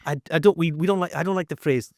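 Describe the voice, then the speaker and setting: A man hosting a podcast, chatting casually with quick reactions and stumbling restarts as he asks questions. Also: fairly high pitch, a little mellow, dry recording, studio quality. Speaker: podcast host. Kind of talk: casual interview chat.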